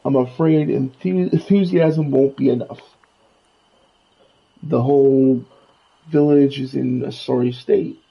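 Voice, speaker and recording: A man's voice: mid-range voice, steady tone, slow pace, vocal fry, pauses often, muffled recording. Man doing a grumpy old Scrooge McDuck. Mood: gruff. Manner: blustery old-man put-on voice, half-attempted Scottish lilt. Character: grumpy miserly old male duck tycoon. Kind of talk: reading game dialogue aloud.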